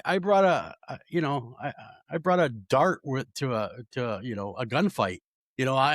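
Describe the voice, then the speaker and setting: Male guest, casual storyteller, very expressive pitch, dry studio sound. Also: no room sound. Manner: animated, acts out voices in his story. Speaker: paranormal investigator guest.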